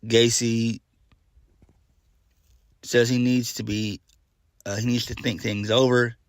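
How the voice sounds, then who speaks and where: A man's voice: mid-range voice, level tone, takes it slowly, no echo, studio quality. A man giving a casual solo review of a wrestling show, blunt and exasperated, swearing freely and trailing off into fillers.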